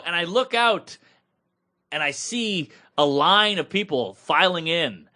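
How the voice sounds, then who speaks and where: Man, 30s, podcast co-host; bright, forceful, slightly high voice; animated, salty storyteller. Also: measured pace. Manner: animated, swears freely, acts out quoted people. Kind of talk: casual storytelling chat.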